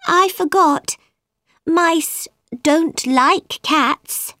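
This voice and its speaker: A woman's voice: very high-pitched, extremely slow, fairly bright tone, no echo, clean studio sound, voice pushed up, full character voice. A woman voicing a polite, curious young girl in a storybook reading, who chatters on and keeps apologising. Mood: apologetic.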